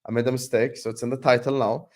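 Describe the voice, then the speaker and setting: A man hosting a casual football livestream, thanking viewers by name in an excited, chatty way. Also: medium pitch, quick pace. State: sleepy, yawning. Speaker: host.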